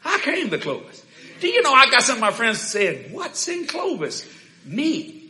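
A man preaching a sermon in a church, shouting, laughing and talking fast in bursts. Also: very high voice, huge pitch swings. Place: church hall with congregation. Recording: echoey church hall.

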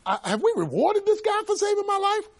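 Sleepless ancient king, played by a preacher; high, lively voice. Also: a little fast, exaggerated voice. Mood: puzzled.

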